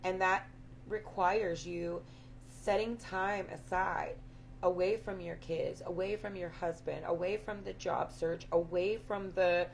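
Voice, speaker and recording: A woman with a raspy voice giving an earnest, affirming spiritual talk to her viewers, repeating her points. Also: mid-range voice, steady tone, measured pace, a little hiss or hum. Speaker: spiritual live-stream host.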